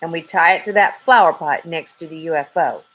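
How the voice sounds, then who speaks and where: A woman reading aloud and voicing a calm, matter-of-fact female hen leader. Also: sits low, brisk, rough recording.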